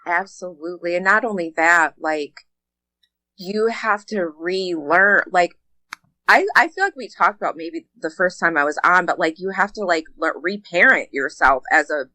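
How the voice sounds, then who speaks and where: Bright earnest woman, dry close sound. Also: fairly low pitch, normal speed, no room sound, poor audio. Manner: earnest and open, filler-heavy. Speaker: podcast guest. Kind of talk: casual conversation.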